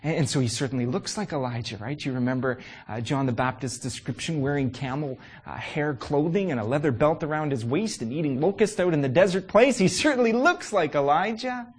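A male preacher with a slightly high, husky voice delivers a sermon. He builds his points through rhetorical questions and emphatic repetition, often pausing on "uh" fillers. His delivery is animated and earnest.

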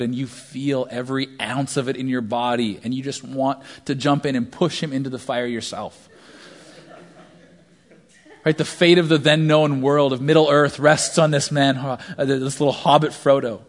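A man in his thirties preaching a sermon, telling stories animatedly and swinging between hushed asides and loud shouts. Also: medium pitch, fairly even intonation, normal speed. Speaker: pastor.

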